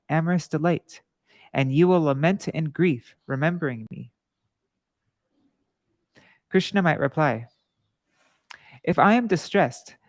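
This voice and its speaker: A man reading devotional scripture and commentary aloud to a class, measured and earnest, with small restarts. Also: fairly high pitch, dry recording.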